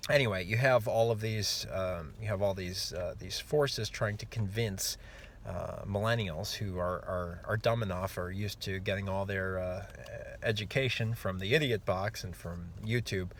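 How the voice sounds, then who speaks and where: A man with a slightly low voice delivers an opinionated commentary monologue. He rambles, stops to restart his sentences and takes a mocking tone as he goes. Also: moderate pace, slight background noise. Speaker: host.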